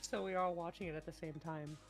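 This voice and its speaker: A woman's voice: lowish voice, fairly even intonation, fast talker, soft background music. A woman running a tabletop game as game master, chatting casually and rambling with many restarts. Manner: rambling, restarts often, bursts into loud laughter. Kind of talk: casual chat on a voice call.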